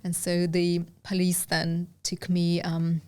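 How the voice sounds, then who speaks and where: A woman's voice: fairly low pitch, completely flat delivery, slow, darkish tone, smooth. A middle-aged woman from Uzbekistan, a guest telling a personal story in an interview, earnest and hesitant with many fillers.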